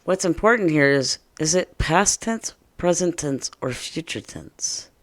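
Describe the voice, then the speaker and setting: A woman teaching a first-grade lesson, speaking slowly and playfully to young children. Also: low-pitched, lively intonation.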